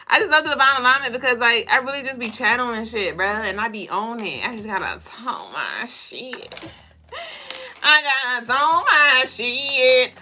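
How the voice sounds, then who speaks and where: Bright-voiced woman giving a spiritual reading. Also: fairly high pitch, brisk, a little hiss or hum. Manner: loose, profane and animated, addressing viewers directly. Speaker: spiritual reader and co-host. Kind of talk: casual livestream spiritual reading.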